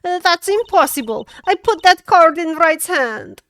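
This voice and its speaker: Brash russian-accent card dealer lady, streamer putting her on, squeaky and loud. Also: expressive, unhurried, no room sound, studio quality, exaggerated voice. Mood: indignant. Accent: put-on Russian.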